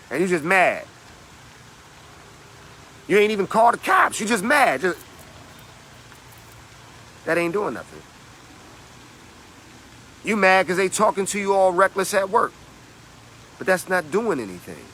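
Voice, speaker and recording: A man giving a motivational talk in a bright, fairly high voice. He is emphatic and slangy, and he preaches through street-level stories. A faint hum sits behind him. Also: big pitch swings, measured pace, pauses often. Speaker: motivational speaker.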